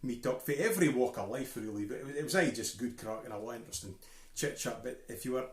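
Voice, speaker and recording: A man's voice: medium pitch, fast. A Scottish man, a fiddler co-hosting a home livestream, chatting casually between tunes in an easygoing, rambling way with lots of fillers. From Scotland. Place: living room at home. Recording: roomy home livestream audio.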